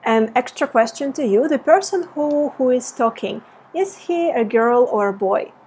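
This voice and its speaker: A woman teaching a language lesson in English, explaining grammar and repeating example phrases slowly. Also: fairly high pitch, expressive, darkish tone, slightly rough. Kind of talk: slow language lesson with read-aloud examples.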